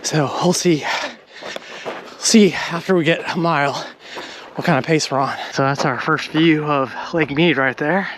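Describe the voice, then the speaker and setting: A man's voice: on the high side, steady tone, moderate pace. Breathless man vlogging on a trail. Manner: chatty, breathing hard while climbing. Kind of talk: casual vlog narration while hiking. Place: outdoors on a desert mountain trail. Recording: noisy outdoor recording.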